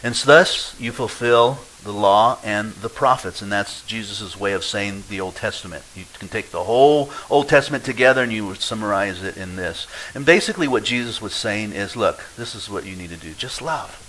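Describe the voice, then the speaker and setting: A man preaches a sermon in a lowish, bright, forceful voice. He acts out quoted people and swings from loud to hushed. A faint hiss sits under the recording. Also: fairly quick, few pauses, low-quality recording. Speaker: pastor.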